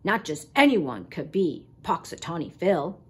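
Woman doing a grumpy old male groundhog, slow and grumbling. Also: on the low side, very animated, slightly rough, voice pushed down, heavily acted. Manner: grumbling, dismissive.

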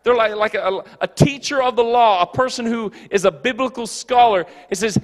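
A man preaching a casual, animated youth sermon in a church, joking and slipping into quick character voices. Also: very high-pitched. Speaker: youth pastor. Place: church hall. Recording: long hall reverb.

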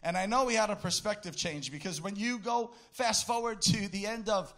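A man preaching a sermon in an impassioned way, bursting into shouts and sing-song phrases. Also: high-pitched, moderate pace.

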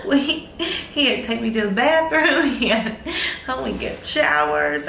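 A woman's voice: a little high, big pitch swings, a little slow, creaky, fairly bright tone, roomy sound, a little hiss or hum. A woman, a new mother, gushing and giggling as she talks casually to the camera in a hospital room. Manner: gushing, giggly, overcome with emotion. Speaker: new mother vlogging her birth. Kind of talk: casual vlog.

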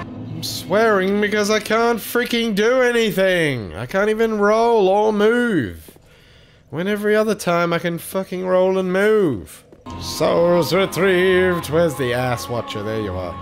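A man giving live gameplay commentary as a gaming channel host, excitable and swearing often at the game. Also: high-pitched, a little slow. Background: game music.

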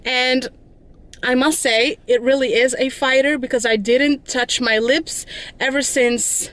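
A woman's voice: sits high, steady tone, unhurried, a bit bright. A woman chatting casually to camera as a beauty vlogger, informal and talkative. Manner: chatty, informal, addresses viewers as guys.

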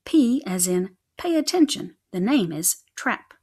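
A woman voicing a showy, self-loving male mouse cook from a storybook, pitching his food in a sing-song rhyme. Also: lively intonation, a little slow. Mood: boastful.

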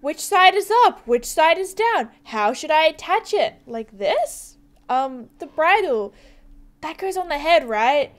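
Mandy, a woman doing a shrill snooty teen. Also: lively intonation, unhurried. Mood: flustered. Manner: defensive, shrill and boastful. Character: snooty, jumpy new teen girl at a stable. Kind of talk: reading game dialogue aloud.

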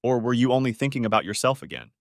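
A man reading an audiobook, voicing an older mother who scolds sharply and loudly. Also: medium pitch, lively intonation, fast talker, vocal fry, no echo, studio quality. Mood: angry. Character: older mother, fierce and protective.

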